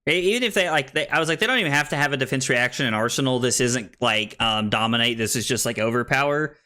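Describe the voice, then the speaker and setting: A man's voice: mid-range voice, quick pace, sharp tone. A young American man casually commenting on his card game stream, thinking aloud with many restarts. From United States.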